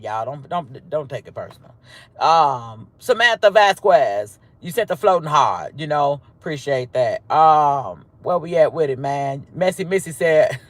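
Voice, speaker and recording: A man hosting a casual livestream roll call, profane, swinging between loud greetings and low mutters. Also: no room sound. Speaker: livestream host.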